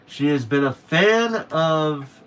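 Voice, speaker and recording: A man's voice: on the high side, lively intonation, slow pace, a bit bright, clean tone. A young man chatting casually to viewers on a late-night stream, rambling and correcting himself as he goes.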